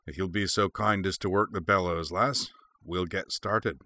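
A man voicing a gruff, burly old male dwarf weaponsmith in an audiobook. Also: low voice, fairly even intonation, moderate pace, bright, forceful tone, no echo. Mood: businesslike.

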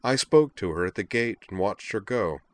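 Miki, a man doing a calm defiant young student. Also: lowish voice, normal speed, pitched above the performer's own voice, natural voice. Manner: calm, flat and firm. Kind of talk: audiobook reading of fan fiction.

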